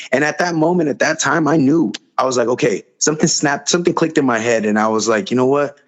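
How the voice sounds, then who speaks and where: Male podcast guest, casual rambling storyteller who acts out dialogue, average pitch, muffled lo-fi mic. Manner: rambling, repeats phrases, acts out quoted dialogue. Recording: slightly dull lo-fi audio.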